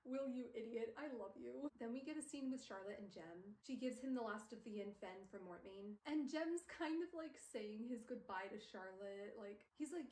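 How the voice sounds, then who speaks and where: A woman talks through a book in a casual, gushing way, filling her sentences with "like" and getting openly emotional. Her voice sits a little high. She is recorded on a phone in a room with a noticeable echo. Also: normal speed, hardly any pauses, mellow. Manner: gushing, emotional, filler-heavy with "like". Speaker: streamer. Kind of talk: casual book recap chat. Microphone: phone camera.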